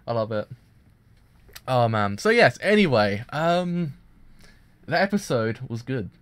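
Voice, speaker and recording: A man streaming a live anime reaction, gushing and excitable, with many restarts and fillers. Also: mid-range voice, slow pace, clean tone. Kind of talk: casual live reaction commentary.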